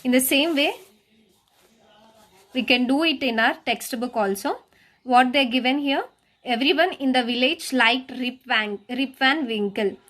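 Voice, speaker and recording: A woman's voice: sits high, measured pace, fairly bright tone. A woman teacher explaining a grammar lesson step by step, asking her class rhetorical questions and often restarting her phrases. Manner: frequent hesitant restarts. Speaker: schoolteacher.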